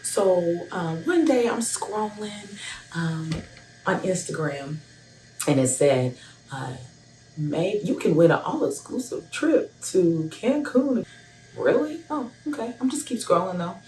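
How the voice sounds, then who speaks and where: A woman in her thirties, a hairstylist, telling a personal story to camera in a casual, animated way. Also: lowish voice, slow, slight background noise. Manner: animated, acts out both sides of a phone call. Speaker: hairstylist sharing a testimonial. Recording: echoey room, voice a bit far from the mic.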